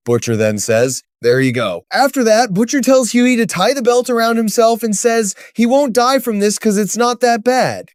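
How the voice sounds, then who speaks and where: A man with a high voice narrates a scripted story recap. His pitch swings widely and he tells it dramatically, lifting his voice at sudden turns. The sound is close and dry. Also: no room sound.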